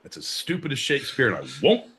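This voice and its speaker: A man's voice: medium pitch, huge pitch swings, fast talker, a bit bright, slight background noise. A man co-hosting a live comedy podcast, ranting in a profane, theatrical way with mock-Shakespearean flourishes. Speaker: podcast co-host. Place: live show venue.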